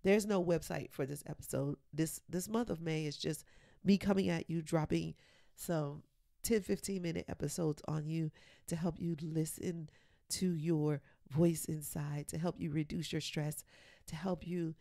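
A woman hosting a motivational podcast, talking earnestly and encouragingly, sometimes dropping to a soft whisper for emphasis. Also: low-pitched, fairly even intonation, a little slow, gravelly, no room sound, studio quality. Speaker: podcast host and coach.

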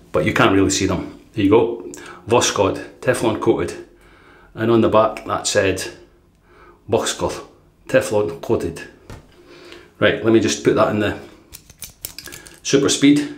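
A man's voice: on the low side, reverberant. A man hosting a shaving channel, chatting casually and rambling with many fillers as he reviews his gear. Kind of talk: casual product review vlog.

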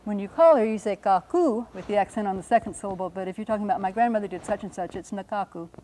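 Mellow-voiced woman teaching phonetics. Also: medium pitch, slight background noise, low-quality recording. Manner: slow, careful demonstration of pronunciations. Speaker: linguist giving a talk. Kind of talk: explaining phonetic symbols.

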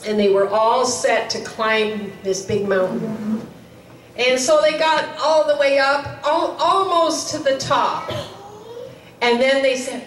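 A woman's voice: high-pitched, slow, slight background noise. A woman telling a story at a chapel service, acting out the dialogue in a casual, conversational way. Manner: retells a story with quoted dialogue, conversational fillers. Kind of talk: sermon storytelling. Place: chapel hall. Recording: echoey hall, voice from far off.

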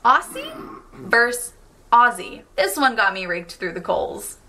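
A woman's voice: medium pitch, lively intonation, normal speed, pushed and bright, soft background music. An American woman vlogging in a casual, upbeat way, with lots of "like". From United States. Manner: chatty, upbeat, peppered with "like". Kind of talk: casual vlog talk.

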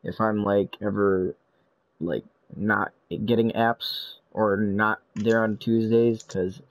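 Laid-back low young man, rambling. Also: dry recording, muffled recording. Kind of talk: casual chat among friends.

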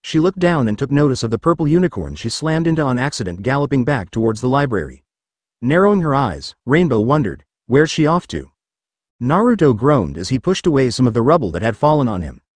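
Animated man narrating a story. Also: mid-range voice, fast, dry recording. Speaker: story reader. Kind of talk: scripted narration of a fan story.

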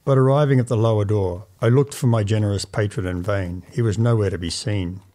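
A man narrating an old first-person story as a measured, formal audiobook reading. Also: fairly low pitch, warm tone.

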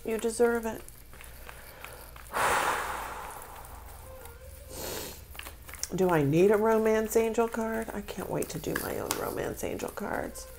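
A woman's voice: a little high, moderate pace, gravelly, hardly any pauses, background noise. A woman giving a tarot reading, speaking with spiritual feeling and emotion, close to tears. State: tearful. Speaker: tarot reader.

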